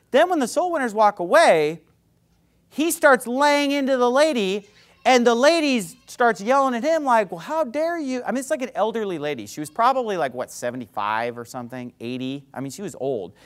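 Animated, sarcastic high-voiced male preacher. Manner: emphatic, repeats words. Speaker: pastor. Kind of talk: sermon with storytelling.

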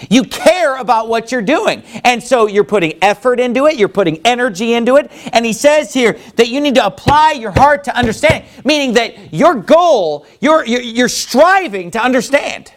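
A man preaching a sermon as pastor, animated and full of rhetorical questions, reading scripture in old-fashioned wording. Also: very high-pitched, normal speed, hardly any pauses.

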